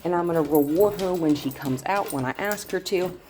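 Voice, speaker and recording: A woman dog trainer explaining her steps to viewers while working a dog indoors, breaking into high praise. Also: brisk, background noise. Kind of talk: instructional dog training demo.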